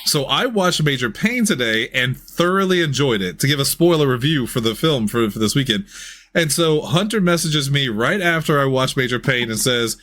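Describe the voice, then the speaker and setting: A man's voice: mid-range voice, animated, normal speed, a bit bright. A man hosting a casual movie podcast, joking and laughing as he talks. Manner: jokey, laughs often. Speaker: podcast host. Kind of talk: casual chat.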